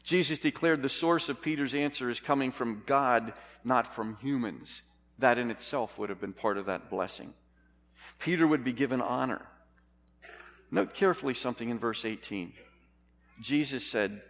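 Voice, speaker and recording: A man's voice: mid-range voice, normal speed, a bit bright. Man preaching in a reverberant hall. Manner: earnest, emphatic preaching with rhetorical questions to the congregation. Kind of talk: sermon.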